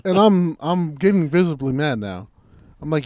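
A man recounts a story in a loose, casual chat, cursing often and getting loud as he replays heated exchanges. The sound is dry and close, with little room tone. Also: a little high, moderate pace, dry recording. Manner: profane, animated, acts out quoted arguments.

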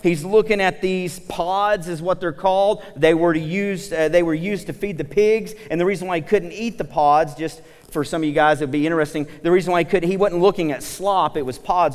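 A man preaching a casual, animated sermon, retelling the story with asides to the congregation. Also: a little high, big-room sound. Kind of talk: conversational sermon.

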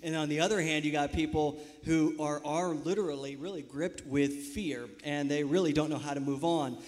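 A man who leads missions, speaking earnestly and in measured words about faith and wisdom. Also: on the high side, steady tone, darkish tone. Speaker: missions executive. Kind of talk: sermon-like reflection.

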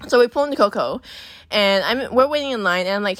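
A young woman, telling a dating story on her podcast in a casual, animated, profane way and acting out the voices she quotes. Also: medium pitch, fast talker, dry recording, clean studio sound. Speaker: podcast host.

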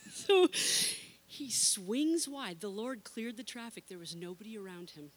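Animated woman pastor telling a story. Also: fairly high pitch. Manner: animated storyteller acting out quotes. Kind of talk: sermon storytelling.

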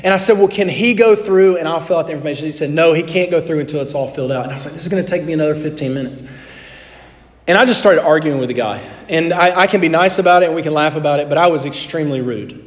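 A middle-aged man preaching a sermon, telling a personal story in an animated way and acting out both sides of the dialogue. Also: on the high side, fast talker. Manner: animated anecdote, acting out dialogue, drops to soft tones. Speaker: pastor. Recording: long hall reverb.

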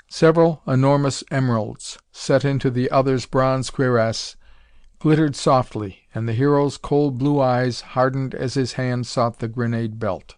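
A man narrating a pulp adventure story in a measured, dramatic reading. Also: medium pitch, fairly even intonation, smooth, no echo, clean studio sound. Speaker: audiobook narrator.

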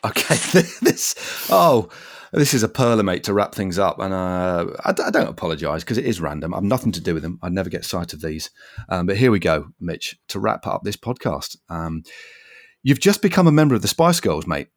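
Brief: male podcast host, casual and lively, lots of laughs and "mate", dry close recording. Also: low-pitched, fairly quick, dry recording. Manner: chatty, laughs often, says mate a lot. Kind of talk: casual interview chat.

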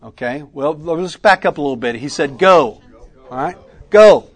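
Guy teaching a ministry workshop, kinda high voice, keeps asking the room questions. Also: a little fast. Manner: interactive, quizzing the audience with questions; Southern "y'all" in speech. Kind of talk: teaching session. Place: conference room with a live audience.

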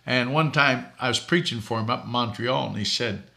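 A man's voice: medium pitch, fairly quick, creaky, bright, forceful tone. An older man from Boston, a preacher hosting a talk show, telling folksy stories and laughing at his own jokes. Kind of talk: preaching talk show answering viewer questions.

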